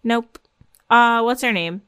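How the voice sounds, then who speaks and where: Podcast co-host, female: deadpan and casual, with a smooth, resonant tone. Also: on the high side, slow, dry recording. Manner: dry, deadpan humor.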